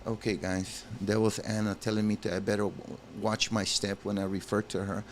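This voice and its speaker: Addressing his audience as "guys," a man narrates a story game's text for his gaming channel and keeps breaking off to exclaim reactions. He speaks at normal speed in a lowish, level tone. Slight hiss or hum sits under the recording.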